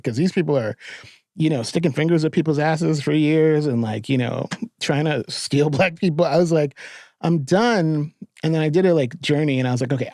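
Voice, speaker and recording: A middle-aged man from New York tells stories on a podcast with plenty of swearing and quick bursts of laughter. His voice sits a little higher than most men's. The mic is close and the sound is dry, with no room behind it. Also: no room sound. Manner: animated, profane storytelling with frequent laughter. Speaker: podcast guest, therapist and filmmaker. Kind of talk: casual storytelling interview.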